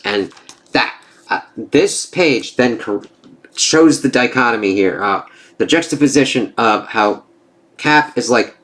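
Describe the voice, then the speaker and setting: A man's voice: mid-range voice, lively intonation, unhurried, fairly bright tone. A man giving a casual spoken review of a comic book, reading panels aloud with enthusiastic, conversational asides.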